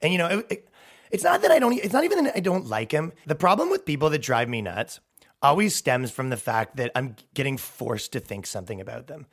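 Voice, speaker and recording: A man's voice: on the high side, sing-song, fairly quick, a bit bright, breathy edge. A man hosting a podcast, delivering a sarcastic, profane, rambling comedic rant. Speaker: podcast host. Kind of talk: comedic monologue.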